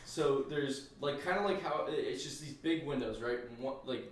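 A man's voice: medium pitch, normal speed, a little hiss or hum. A man co-hosting a podcast, telling a story casually and rambling, with lots of swearing. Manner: profane, rambling, acts out his own reactions. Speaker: podcast co-host, Army veteran. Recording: echoey room, distant mic.

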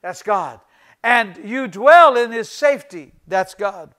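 High-voiced man preaching with emphatic repetition. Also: animated, takes it slowly. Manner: emphatic, repeats key phrases for emphasis; addresses the congregation as ladies and gentlemen. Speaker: pastor. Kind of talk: sermon.

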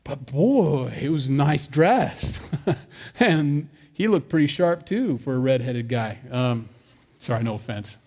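A man's voice: medium pitch, lively intonation, measured pace, a little mellow. A man, a father of young kids, preaching a sermon in a conversational way, with jokey asides and acted-out quotes. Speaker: pastor.

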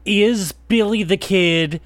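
A man's voice: high-pitched, slow, no room sound. A man co-hosting a podcast who answers a quiz, joking and swearing casually with lots of fillers. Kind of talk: casual chat.

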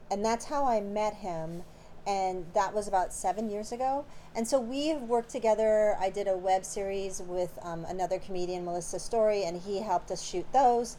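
A woman's voice: medium pitch, dark tone, slight background noise. A woman, born in Canada and raised in Los Angeles, answering interview questions about her film in a chatty, rambling way with plenty of fillers. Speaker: filmmaker guest.

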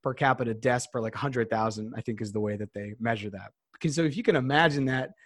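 A man's voice: medium pitch, fast talker, no echo. Rambling man host, dry sound. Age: 30s. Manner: rambling, thinks aloud with fillers. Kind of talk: casual chat.

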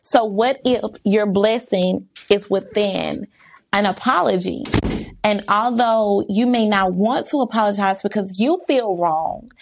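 There's slight background noise behind this woman's mid-range, creaky voice, and she speaks unhurriedly. In a casual talking-to-camera vlog she reflects on her faith candidly and emphatically, throwing out one rhetorical question after another.

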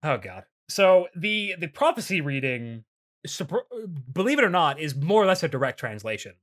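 A man's voice: a little high, sing-song, normal speed, a bit bright. A man casually recapping an anime episode, swearing often and mock-quoting characters between laughs. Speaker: podcast host.

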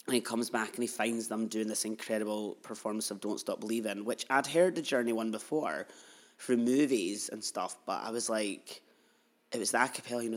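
A man's voice: fairly low pitch, moderate pace. A man in his thirties hosting a podcast, telling a personal story in a chatty, heartfelt way, full of asides. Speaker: podcast host.

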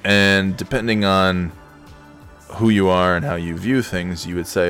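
A male podcast host rambles on his own in a loose, profane, digressive way. His voice sits on the low side. Faint music plays behind him. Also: steady tone, measured pace, fairly bright tone. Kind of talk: casual solo podcast rambling.

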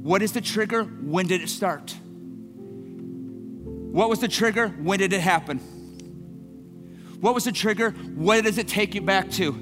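A male pastor giving an earnest sermon, moving from soft, quiet passages to impassioned, repeated declarations. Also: sits high, a little slow, long pauses. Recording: church hall with long reverb, worship music behind. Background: instrumental worship music.

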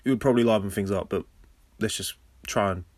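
An English man hosting a casual podcast recap, sarcastic and swearing freely, with sudden loud high outbursts. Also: fast talker, no echo, studio quality. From England. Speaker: podcast host.

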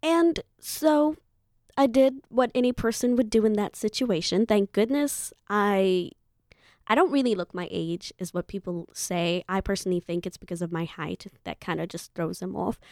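A young woman in her twenties from Zimbabwe tells a personal story in a chatty, playful way, often turning to the listener with asides. Her voice sits at a middling pitch. It is recorded close and dry, with no room echo. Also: moderate pace, a little mellow. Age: 20s. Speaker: vlogger. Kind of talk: casual storytelling.

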